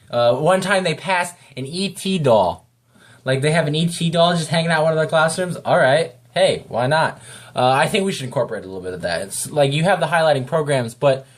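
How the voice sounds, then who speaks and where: A man's voice: on the high side, lively intonation, a little fast. A man giving a casual, rambling spoken review of a video, talking off the cuff.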